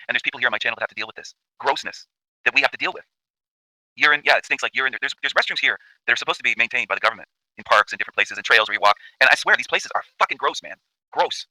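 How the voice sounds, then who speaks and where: A man's voice: medium pitch, bright, forceful tone, dry recording, rough recording. A man from Canada, hosting his own channel, delivering an emphatic, profane, repetitive rant as commentary over video footage. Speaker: channel host.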